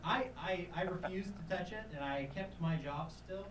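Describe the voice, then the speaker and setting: A man from Tennessee, a podcast guest, telling stories casually with lots of fillers and sudden loud, high voices when he quotes people. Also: normal speed, reverberant, recorded from a distance, background noise. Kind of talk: casual storytelling.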